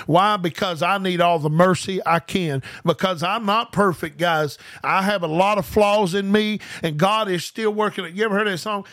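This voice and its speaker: The dry recording catches a man's high-pitched, slightly bright voice, steady in tone, at normal speed with few pauses. He delivers a fervent, casual podcast sermon, repeating key phrases, asking rhetorical questions, and talking directly to listeners as "guys."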